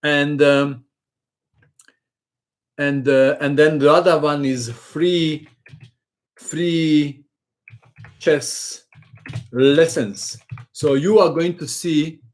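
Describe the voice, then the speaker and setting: A man's voice: on the high side, steady tone, slow pace, pauses often. A man, a chess channel host chatting casually in a live-stream question and answer session, hesitant with many fillers.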